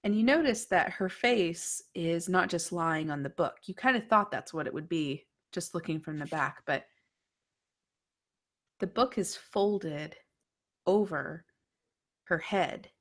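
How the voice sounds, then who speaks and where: A woman narrating a tabletop horror game as game master, often dropping to a hushed whisper. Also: on the low side, slow pace. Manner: hushed, dreamy storytelling that drops to whispers.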